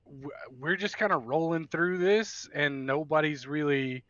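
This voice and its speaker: A man playing a tabletop game, talking in a slow, thoughtful way. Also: fairly high pitch, steady tone, a bit bright, no room sound, dull audio. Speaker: player.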